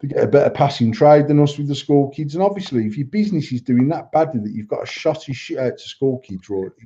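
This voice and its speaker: A man's voice: medium pitch, lively intonation, fast, warm tone. A middle-aged man, co-hosting a podcast in blunt, sweary, rambling banter. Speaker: podcast co-host, vape shop owner. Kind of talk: casual banter. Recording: dull lo-fi sound.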